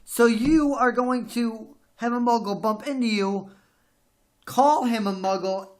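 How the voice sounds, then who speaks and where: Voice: mid-range voice, a little slow. A podcast host in a casual book discussion, talking emphatically and venting strong opinions.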